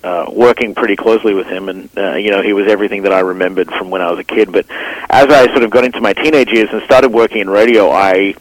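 A man's voice: fairly low pitch, quick pace, no room sound, low-quality recording. A man from Australia in his thirties with a mixed Australian and Canadian accent, a radio broadcaster chatting as a guest in a studio, rambling and full of fillers. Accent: Australian with some Canadian. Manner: rambling, restarts phrases, many fillers. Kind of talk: casual interview chat.

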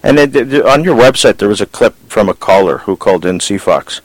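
A man interviewing a guest on the radio, halting and stammering as he asks his questions. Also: on the low side, lively intonation, no echo, rough recording.

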